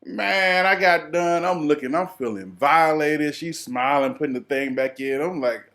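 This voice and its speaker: A young man from the American South with an Atlanta accent, telling a comic story in an animated, playful way with plenty of exaggeration. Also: a little high, unhurried, hardly any pauses. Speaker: vlogger.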